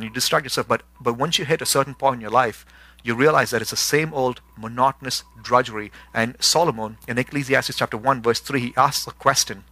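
A man's voice: mid-range voice, normal speed, sharp tone, no room sound. A middle-aged man preaching a sermon as pastor, repeating words for emphasis and building to emphatic intensity.

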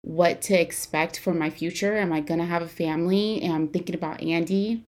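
A woman's voice: on the low side, fairly even intonation, fairly quick, a little mellow. A woman in her twenties hosting a podcast, recounting a painful personal story candidly and emotionally, with many casual fillers. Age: 20s. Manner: candid, emotional, frequent "like" and "you know" fillers. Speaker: podcast host.

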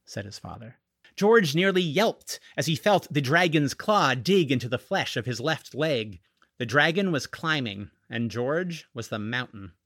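A man reading a children's novel aloud in an expressive audiobook narration. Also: medium pitch, unhurried, vocal fry, no room sound, studio quality. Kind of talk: scripted narration.

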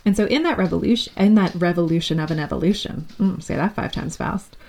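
A woman in her thirties hosts her own podcast on her own, speaking openly and warmly to her listeners. Her voice is mellow and dark in tone, with a gravelly fry running through it. She sits a little lower in pitch than most women. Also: a little fast. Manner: candid, affectionate, talks straight to listeners. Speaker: podcast host. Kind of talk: solo podcast monologue.

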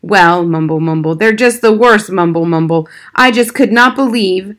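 A woman voicing an angry middle-aged father who rants and shouts in a storybook reading. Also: medium pitch, moderate pace, close to an everyday voice. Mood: indignant. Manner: shouting, sputtering.

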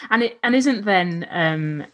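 A woman co-hosts a casual Bible study, discussing a passage in a lowish, slightly bright voice. She speaks slowly yet with animation, thoughtful and affirming, and often checks in with tag questions.

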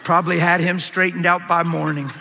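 A male pastor preaching a sermon to a live audience in a large hall. He tells his story with animated swings from loud shouts to quiet low asides. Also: fairly quick, gravelly, noisy background. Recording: long echoing hall reverb.

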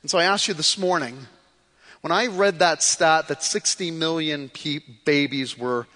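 A man preaching a sermon to his church, passionate, swinging from hushed pleas to forceful declarations. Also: on the high side, unhurried, long reverb tail. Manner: impassioned, shifts between soft hushed pleas and rising forceful declarations. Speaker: pastor. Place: church sanctuary.

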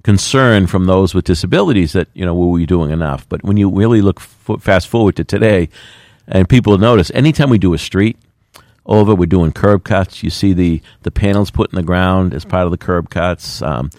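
A man's voice: deep voice, moderate pace, darkish tone, dry recording, studio quality. A middle-aged man, a mayor speaking in a plainspoken, folksy way with plenty of fillers. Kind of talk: radio interview talk.

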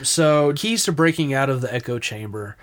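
A man co-hosting a faith podcast, speaking at a middle pitch. He talks reflectively, often restarting his sentences as he works through a thought. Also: lively intonation, normal speed, fairly bright tone. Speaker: podcast co-host. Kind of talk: casual Christian podcast discussion.

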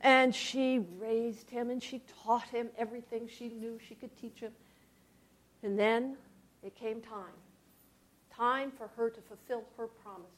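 Woman telling a story for all ages, kinda high voice, goes loud then real hushed, lots of dramatic pauses. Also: fairly even intonation.

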